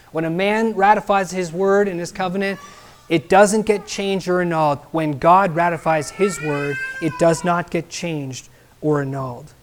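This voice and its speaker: A man's voice: sits high, a little hiss or hum. A man preaching an expository sermon, explaining with emphasis and checking with "right?". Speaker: pastor.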